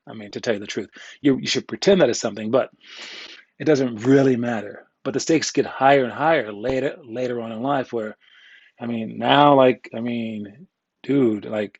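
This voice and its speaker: Husky-voiced joking basketball coach. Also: male voice, medium pitch, darkish tone, dry recording, highs cut off. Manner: candid, joking, rambling, uses slang. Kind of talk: casual instructional talk.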